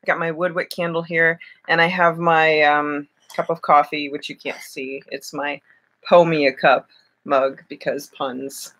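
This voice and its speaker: A woman's voice: low voice, steady tone, a little slow, a bit bright. A young woman chatting casually on a home live stream, self-deprecating, drifting in and out of a put-on British lilt. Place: home room at night.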